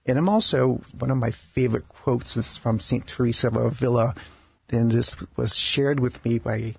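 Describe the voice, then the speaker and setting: A male doctor in a radio studio interview, telling stories about his patients in a halting way, with frequent restarts and repeated words. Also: medium pitch, vocal fry, breathy edge, no echo. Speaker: palliative care doctor, guest. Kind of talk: conversational storytelling interview.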